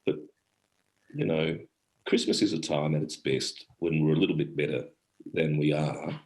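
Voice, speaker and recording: A middle-aged Australian man, a guest actor and storyteller, tells stories in a casual, rambling, warm-hearted way, often breaking off mid-sentence. His voice is extremely low-pitched at normal speed, and the recording quality is low.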